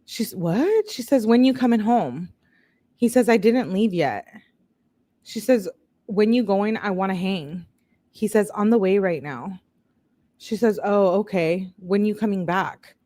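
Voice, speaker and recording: A woman's voice: medium pitch, unhurried, warm tone, dry recording. A woman hosting a true-crime video, reading text messages aloud in a casual way and breaking off to react and talk to her viewers.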